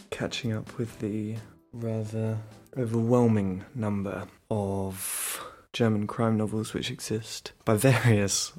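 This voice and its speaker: Male host, lowish voice, enthusiastic rambling chat about a pet subject. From Britain. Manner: chatty and enthusiastic, rambling with restarts. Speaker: book podcast host. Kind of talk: casual monologue.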